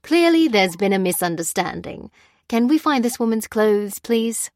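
A woman's voice: on the high side, moderate pace, no echo, clean studio sound, pitched above the performer's own voice. Woman voicing a genteel grandfatherly scientist. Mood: genial. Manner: courteous, soothing and calmly in charge. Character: grandfatherly older male scientist, smoothly polite and sinister.

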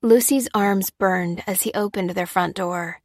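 Gravelly woman narrating a story. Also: mid-range voice, dry recording, clean studio sound. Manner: steady, measured storytelling. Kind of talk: scripted narration.

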